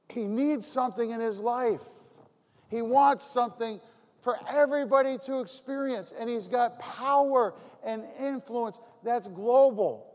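A man's voice: sits high, darkish tone. A man preaching a sermon as pastor, talking conversationally and repeating phrases for emphasis. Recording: long hall reverb.

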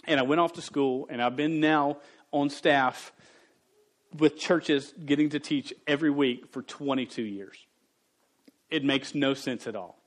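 A man's voice: medium pitch, unhurried. A man in his forties preaching a sermon to youth, earnest and candid, speaking with a stutter that repeats syllables. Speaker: youth pastor.

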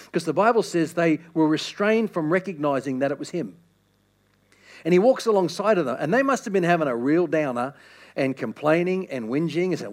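A male pastor preaching a sermon, emphatic, repeating phrases and restarting lines. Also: high voice.

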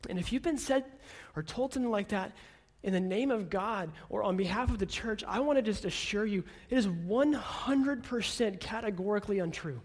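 Man, pastor, sermon, high-pitched voice, earnest, emphatic. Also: normal speed, hardly any pauses. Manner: earnest, gentle, rising to emphatic.

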